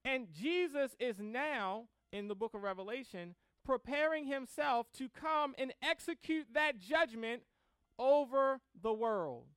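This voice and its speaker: High, smooth-voiced male preacher. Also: animated, a bit bright, dry recording. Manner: reads scripture slowly, then preaches with rising emphasis. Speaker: pastor. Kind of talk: sermon.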